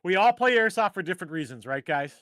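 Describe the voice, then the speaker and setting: Bright-toned joking livestream host, man. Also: high voice, lively intonation, fast, no echo, clean studio sound. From Minnesota. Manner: rambling, jokey, trails off into mumbles. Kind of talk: casual chat.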